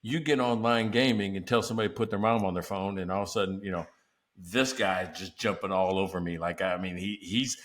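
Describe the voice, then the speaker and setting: A man's voice: low-pitched, steady tone, a little fast, fairly bright tone. A man hosting a casual business podcast, telling stories animatedly and laughing often. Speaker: podcast host. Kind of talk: casual chat.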